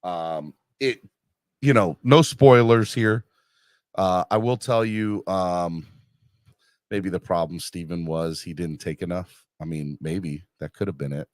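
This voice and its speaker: A middle-aged podcast host with a deep, unhurried voice rambles casually while reading live comments, full of fillers, restarts and self-deprecation. The recording is dry and studio quality.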